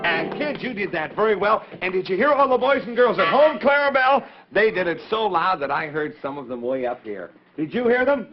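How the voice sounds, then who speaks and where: A man with a high, bright voice hosts a 1940s children's show, hearty and coaxing as he calls out to the kids. Faint music sits behind a dull, muffled old broadcast sound. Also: sing-song, a little fast, hardly any pauses. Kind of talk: 1940s children's television hosting.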